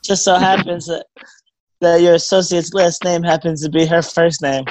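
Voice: medium pitch, fairly even intonation, moderate pace, darkish tone, no echo, poor audio. A co-host of a casual radio show, laughing along and agreeing in short replies.

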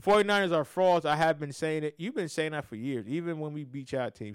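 A man hosts a casual sports podcast, slightly higher-pitched than most men. He talks in animated bursts that swing from loud to soft, restarting his sentences as he goes. The sound is dry, with no room echo. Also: fairly quick, few pauses, clear, resonant tone. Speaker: podcast host.

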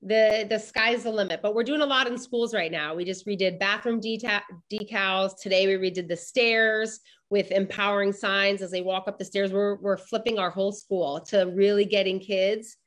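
A woman's voice: medium pitch, steady tone, normal speed, hardly any pauses. A woman guest on a podcast, talking earnestly and upbeat about her work with schools. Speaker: guest author. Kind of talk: casual interview chat.

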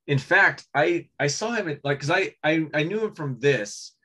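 A man co-hosting a casual movie podcast, rambling with many restarts and frequent throat clearing. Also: a little high, lively intonation, a little slow, sharp tone. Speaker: podcast co-host. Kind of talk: casual chat about movies.

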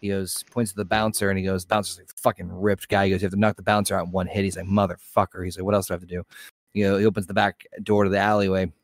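A man with a lowish voice and a dry, close sound tells a long bar joke on a casual podcast. He acts out each character with loose, profane delivery. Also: little pitch movement, racing, no room sound. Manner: rambling storyteller, acts out bar dialogue. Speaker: podcast co-host. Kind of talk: casual chat, telling a joke.

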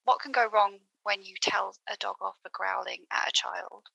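A woman hosting an interview, setting up her questions in a measured way. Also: medium pitch, steady tone, gravelly, sharp tone, husky, dry recording, muffled recording. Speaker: interview host.

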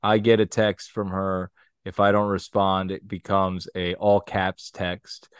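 Low smooth guy on a podcast, takes his time, dry sound. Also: level tone, measured pace, no echo. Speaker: podcast co-host. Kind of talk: casual chat.

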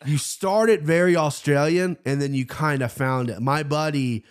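A man in his thirties hosting a casual sports betting podcast, loose and excitable, swearing freely. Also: fairly high pitch, moderate pace. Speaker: podcast host.

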